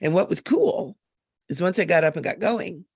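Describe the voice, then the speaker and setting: A woman psychic medium in an earnest, emphatic live-stream chat, full of quick asides, on a webcam mic. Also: on the low side, animated, vocal fry, darkish tone, slightly rough, no room sound, studio quality.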